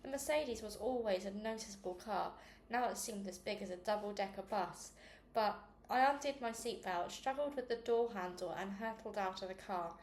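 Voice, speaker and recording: A woman reading a children's novel aloud, with small slips and restarts, raising her pitch for the girls' quoted lines. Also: normal speed, darkish tone. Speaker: reader. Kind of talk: read-aloud book narration. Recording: echoey room with faint noise.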